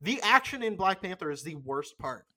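In a pushed, bright, mid-range voice, this young adult podcast co-host sounds very animated. They chat casually and speak their mind bluntly, cursing freely and stalling often with fillers.

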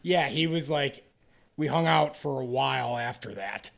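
A man's voice: measured pace, vocal fry, a bit bright. A young man hosting a casual podcast, telling a long rambling story and acting out the people in it. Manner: rambling storyteller, acts out quotes in a higher voice. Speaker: podcast host and comedian.

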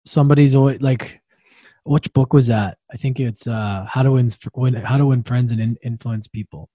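A man's voice: mid-range voice, fairly even intonation, moderate pace, dark tone, slightly rough. A man answering hesitantly in conversation, trailing off mid-sentence.

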